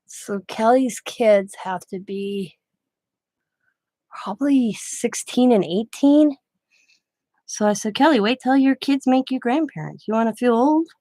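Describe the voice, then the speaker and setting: Middle-aged lady crafting live, rambly stories, bit high voice, dry close sound. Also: measured pace, dark tone, dry recording. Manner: rambling anecdotes, quoting others in her own voice. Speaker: craft channel host. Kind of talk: casual chat while crafting on a livestream.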